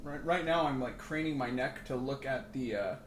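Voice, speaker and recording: A man's voice: medium pitch, moderate pace, a little hiss or hum. Joking man narrating gameplay. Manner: joking, rambling asides. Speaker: let's play host. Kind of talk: casual gameplay commentary. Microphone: makeshift mic setup.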